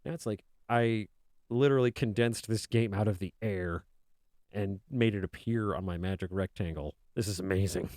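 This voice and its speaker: An art streamer sits indoors at his desk, chatting casually on stream and rambling and joking as though he were a kobold, though in his own voice. He speaks at a normal speed in a low, slightly mellow voice, recorded at studio quality with no echo.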